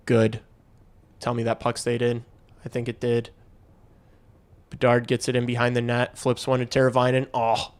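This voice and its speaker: A man's voice: mid-range voice, dry recording. A young man hosting a hockey livestream, rambling through stories and game reactions in casual chat, swearing and laughing easily. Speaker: livestream host.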